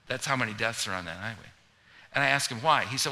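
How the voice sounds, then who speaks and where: A man preaching a sermon, chatty and joking, then building to loud, emphatic preaching. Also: medium pitch, fast talker, a little hiss or hum. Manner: conversational, humorous, rising to loud emphatic preaching. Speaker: pastor.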